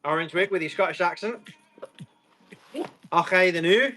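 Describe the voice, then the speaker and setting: A man's voice: high-pitched, moderate pace, long pauses, pushed and bright, soft background music. A man running a live online tool auction, chatting casually and rambling as he jokes with viewers. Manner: chatty and rambling, joking with the chat. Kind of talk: casual live-stream chat.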